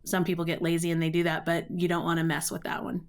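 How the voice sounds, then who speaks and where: A woman's voice: on the low side, monotone, fast talker, gravelly. A middle-aged woman, a vocal coach, explaining voice care in a podcast interview. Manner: explanatory, uses running metaphors.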